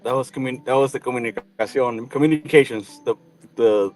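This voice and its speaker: A man speaking as a guest on a podcast in casual chat. He talks haltingly and restarts often while he searches for words. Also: mid-range voice, darkish tone, soft background music.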